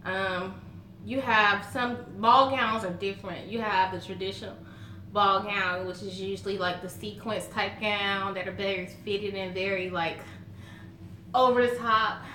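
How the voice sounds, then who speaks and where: Bright-voiced Southern woman, chatty. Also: medium pitch, fairly even intonation, unhurried, a little hiss or hum. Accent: Southern American. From Southern United States. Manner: chatty and folksy, laughs often while telling stories. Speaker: vlogger. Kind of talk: casual chat to camera. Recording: roomy echo.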